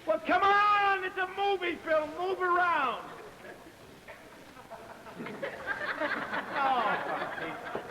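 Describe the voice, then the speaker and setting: A fast, eager husband. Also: male voice, high voice, lively intonation, background noise. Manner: eager, coaxing, directing everyone. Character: eager, bossy amateur-filmmaker husband. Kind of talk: 1950s sitcom acting.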